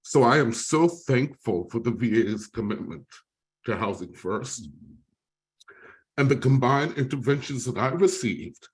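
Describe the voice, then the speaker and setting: A man's voice: medium pitch, lively intonation, a little slow. Middle-aged guy on a video call, choked up, telling his own story, keeps apologizing. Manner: emotional, tearful at moments, apologetic. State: close to tears. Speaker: speaker sharing his recovery story. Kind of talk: presentation with personal testimony.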